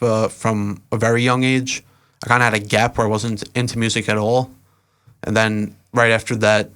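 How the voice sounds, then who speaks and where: A young man, a podcast guest, telling stories in a relaxed, rambling way with lots of fillers. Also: on the low side. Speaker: podcast guest, event organizer and rapper. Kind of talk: casual interview storytelling.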